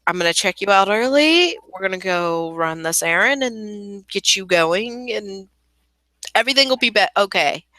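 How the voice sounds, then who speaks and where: A woman voicing a patient adult guardian who calmly reasons with a teenager. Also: medium pitch, normal speed, dry recording. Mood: coaxing.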